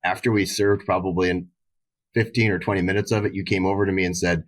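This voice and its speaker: Deep-voiced man telling coaching stories. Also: fast talker, no echo. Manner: animated, acts out quoted voices, frequent "you know". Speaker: head volleyball coach, guest. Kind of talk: casual conversational storytelling.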